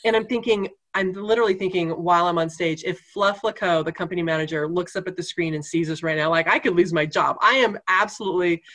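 A woman's voice: fairly low pitch, fast, hardly any pauses, a bit bright. A woman guest telling a funny story in casual conversation, laughing often as she talks.

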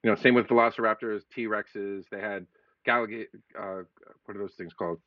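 Rambling low-voiced man. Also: fairly even intonation, fairly quick, no room sound. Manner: rambling, searches for words. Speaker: podcast co-host. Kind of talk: casual chat. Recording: dull dry lo-fi audio.

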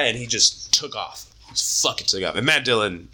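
A man in his twenties casually retelling a story in a profane, animated way, with frequent laughs. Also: medium pitch, fairly quick. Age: 20s. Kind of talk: casual book discussion.

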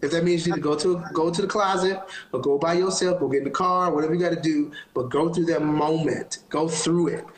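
A man's voice: a little high, fairly quick, hardly any pauses, echoey room, low-quality recording. A man, a gospel singer, talking as a guest on a phone live-stream interview, giving earnest, encouraging, sermon-like advice. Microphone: phone on a live video call.

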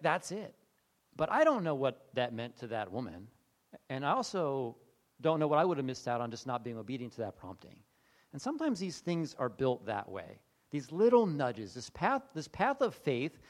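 A middle-aged man preaching in a conversational sermon style, telling personal stories and acting out the dialogue. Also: mid-range voice. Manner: conversational, animated, acts out dialogue. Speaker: pastor. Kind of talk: sermon storytelling.

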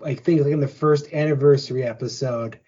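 A man's voice: mid-range voice, fairly even intonation, brisk, mellow, husky. A man co-hosting a podcast in casual chat. He jokes and chuckles as he talks. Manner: joking, chuckling. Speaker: podcast co-host. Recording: muffled lo-fi audio.

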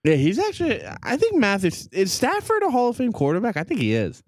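Male podcast co-host, blunt and swearing, pitched a touch high, dry mic. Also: huge pitch swings, a little fast, dry recording. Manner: blunt, swears a lot, argumentative. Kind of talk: casual sports chat. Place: basement at home.

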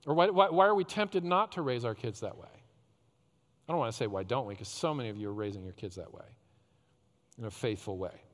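A male pastor preaching a sermon, swinging between loud rhetorical questions and hushed, tender phrases. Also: medium pitch, expressive, brisk. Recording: long hall reverb.

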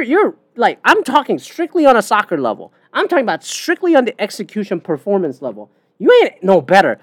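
A woman's voice: medium pitch, dry recording, studio quality. A woman hosting a podcast, ranting bluntly and profanely in casual talk with many fillers. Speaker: podcast host. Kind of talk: casual opinion rant.

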